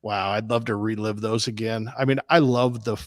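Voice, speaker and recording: A man's voice: on the low side, normal speed, no echo. A man from Des Moines, a barbecue competition cook, telling long rambling stories on a casual podcast. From Des Moines, Iowa, US. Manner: rambling, animated anecdotes with restarts.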